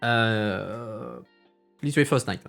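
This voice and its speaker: A man's voice: fairly low pitch, takes it slowly, creaky, fairly bright tone, soft background music. A man in his thirties with a French accent, telling stories on a casual stream in a rambling way with many restarts. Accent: French, with mixed English accents. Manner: rambling, with frequent restarts and filler sounds. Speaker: streamer and parliamentary assistant.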